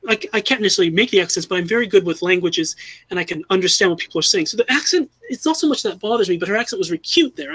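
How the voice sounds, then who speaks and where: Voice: medium pitch, breathy edge, no echo, poor audio. A fan commentator giving an earnest, critical opinion, often restarting and correcting themselves mid-sentence.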